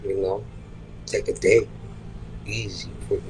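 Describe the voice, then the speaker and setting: A man's voice: on the low side, level tone, unhurried, darkish tone, slight background noise, low-quality recording. A man, a rapper and producer, talking in a laid-back, slangy, profane way in a casual interview. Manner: laid-back, slangy and profane, with frequent "you know what I'm saying".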